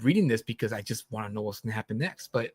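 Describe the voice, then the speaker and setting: A man's voice: fairly low pitch, very fast, slightly rough, no echo, studio quality. A man hosting a live stream, chatting casually with restarts and easy laughter. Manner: relaxed, laughing, frequent restarts and fillers. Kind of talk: casual chat about comics.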